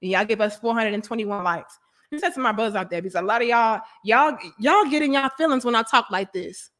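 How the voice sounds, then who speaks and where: A woman's voice: a little high, fast talker, a bit bright. Blunt, preachy woman streamer. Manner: preachy and emphatic, addresses viewers directly as sis and brothers. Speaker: host of a live online talk show. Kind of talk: blunt live-stream commentary.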